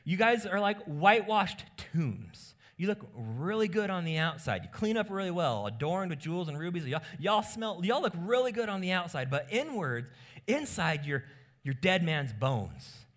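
Man voicing a stern male teacher rebuking the proud, raised pitch, mocking rhetorical questions, scolding and pointed. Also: big pitch swings, moderate pace, fairly bright tone. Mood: condemning.

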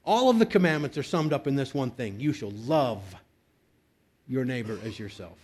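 A man's voice: medium pitch, lively intonation, normal speed, a little mellow, slightly rough. A man preaching a conversational sermon, reading scripture and breaking into emphatic bursts. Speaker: pastor.

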